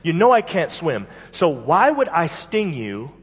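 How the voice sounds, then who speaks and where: A man voicing a smooth-talking male scorpion from a fable, coaxing and persuasive, in a hall with long reverb. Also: fairly high pitch, very animated, unhurried, faint music behind, voice pushed up, exaggerated voice.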